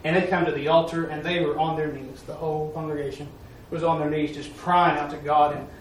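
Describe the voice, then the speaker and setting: A man's voice: on the high side, flat delivery, brisk. A man, a preacher giving a folksy, repetitive testimony. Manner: folksy, repetitive, with "I'm telling you". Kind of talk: testimony during a church talk. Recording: echoey room, mic far off, faint noise.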